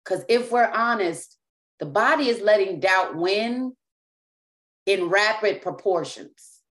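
A woman's voice: mid-range voice, animated, slow, a bit bright. A woman preaching a sermon as apostle and teacher, speaking emphatically and often repeating and restarting words.

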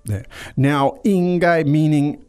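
A man's voice: fairly high pitch, slow pace, a little mellow, clean tone, faint music behind. A man hosting a language lesson podcast, explaining words in a chatty way with frequent restarts.

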